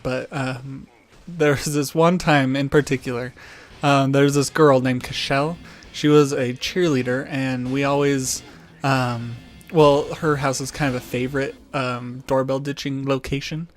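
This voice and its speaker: A young man, a channel host, telling a casual story with lots of ums and restarts. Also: medium pitch. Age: young adult. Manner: rambling, many ums and restarts.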